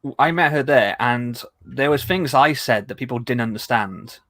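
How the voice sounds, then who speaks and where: A man's voice: mid-range voice, moderate pace, fairly bright tone, no room sound, clean studio sound. A young Welsh man with a Welsh accent, co-hosting a casual chat, rambling along with lots of fillers. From Wales. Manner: chatty, rambling with many fillers. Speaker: co-host.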